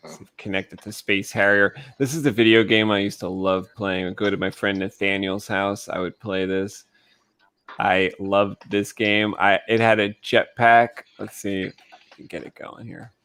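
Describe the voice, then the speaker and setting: A man's voice: lowish voice, fairly even intonation, moderate pace, fairly bright tone, clear, resonant tone, no room sound. A man hosting a casual drawing stream, easygoing and teasing as he chats with his co-host.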